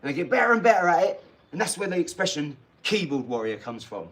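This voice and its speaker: A man's voice: on the high side, big pitch swings, fast talker, a bit bright. A man in his forties with a slightly raised voice. He talks bluntly and emphatically to his livestream chat, swearing freely and laughing often as he answers viewers' comments. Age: 40s.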